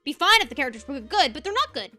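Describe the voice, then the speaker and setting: A woman's voice: sits high, big pitch swings, quick pace, sharp tone, soft background music. A young woman streaming as a VTuber, ranting passionately in casual commentary and laughing easily.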